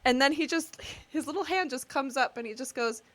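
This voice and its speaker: A woman's voice: high-pitched, a little fast. A woman co-hosting a podcast, telling stories in casual chat and laughing often as she talks. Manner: laughing storyteller, animated and expressive. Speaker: podcast co-host.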